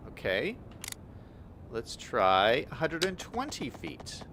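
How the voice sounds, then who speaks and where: A man's voice: mid-range voice, sing-song, takes it slowly, gravelly, sharp tone, slight background noise. A young man giving casual gameplay commentary, upbeat and chatty, thinking aloud as he plays. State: hiccups. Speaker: gaming YouTuber.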